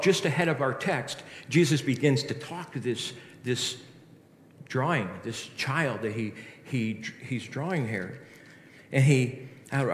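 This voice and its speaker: A man's voice: mid-range voice, a bit bright. Man preaching in an echoey hall. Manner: earnest preaching with rhetorical questions and frequent restarts. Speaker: pastor. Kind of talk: sermon.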